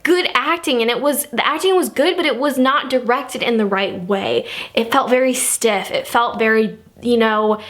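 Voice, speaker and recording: Young woman, fairly high voice, casual vlog film review, rambling and exasperated. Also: a bit bright. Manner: rambling, exasperated, many fillers. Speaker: movie reviewer.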